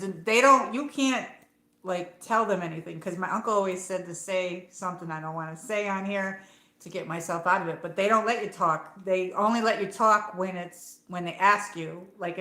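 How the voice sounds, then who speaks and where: A woman's voice: on the low side, moderate pace, bright, forceful tone, reverberant. A woman from upstate New York with her regional accent, hosting a late-night livestream and telling a rambling story full of fillers and the odd swear word. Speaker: livestream host. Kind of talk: casual chat. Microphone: phone.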